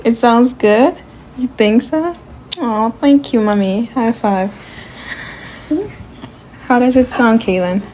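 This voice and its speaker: A woman's voice: a little high, slow pace, pauses often, darkish tone, slight background noise. A French-accented mother in casual family banter, giggly and defensive.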